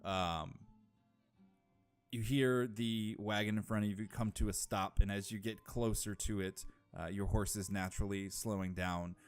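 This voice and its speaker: Male game master, low voice, unhurried narration with fillers, faint music behind. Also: fairly even intonation.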